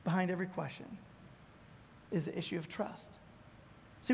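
A man's voice: sits high, steady tone, moderate pace, creaky, pauses often, slightly rough, big-room sound, highs cut off. A man preaching a sermon in a church, emphatic and repetitive. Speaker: pastor.

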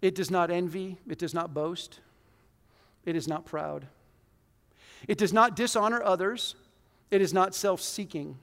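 A man in his forties preaching a conversational, self-deprecating sermon in a church hall, with sudden loud bursts. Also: high voice. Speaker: pastor.

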